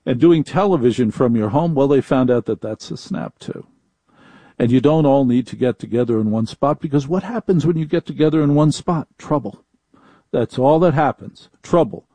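A man's voice: mid-range voice, normal speed, mellow, no echo. A man hosting a live call-in radio show from home, chatty and wry, often repeating his phone number. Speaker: radio talk show host. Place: home studio in a laundry room.

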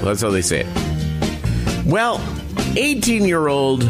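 A man on the radio telling a comic news story in a mock-outraged, theatrical way. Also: mid-range voice. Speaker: radio host.

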